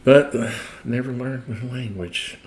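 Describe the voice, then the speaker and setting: A man's voice: mid-range voice, a little slow, a little mellow. A middle-aged man with a Tennessee accent hosting a casual livestream, rambling, chuckling and trailing off mid-sentence. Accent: Tennessee Southern US. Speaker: host.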